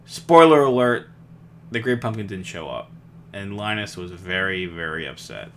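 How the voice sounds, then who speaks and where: A man's voice: lowish voice, expressive, normal speed, slight background noise. A young man co-hosting a podcast in casual chat, rambling with restarts and frequent laughs. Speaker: podcast co-host.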